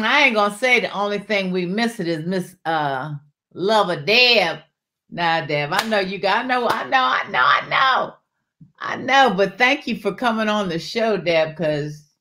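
A middle-aged woman runs a live jewelry sale at an easy, unhurried pace. She chats warmly with her viewers, calling them honey and y'all as she shows each piece. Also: mid-range voice. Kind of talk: casual live-stream sales chat.

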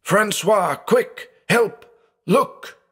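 A man's voice: low voice, lively intonation, unhurried. A man voicing a terrified old blind man who pleads and shrieks in panic. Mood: frantic shrieking.

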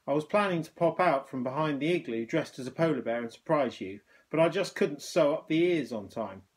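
A man voicing a kind, humble, cheerful hospital porter in a children's storybook reading, with a gentle, polite manner. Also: on the high side, expressive, fairly quick, natural voice. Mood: kindly.

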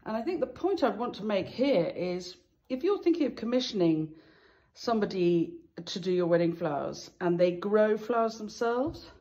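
A woman's voice: medium pitch, expressive, normal speed, warm tone, muffled recording. A woman flower farmer and florist talking through her wedding flowers in a chatty, self-deprecating way, laughing now and then. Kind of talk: casual how-to vlog. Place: outdoors in a summer garden.

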